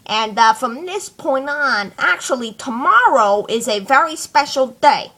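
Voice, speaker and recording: A woman's voice: high-pitched, animated, a little slow, sharp tone. A woman vlogger giving a rambling, casual fan commentary full of fillers. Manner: rambling, chatty, many fillers.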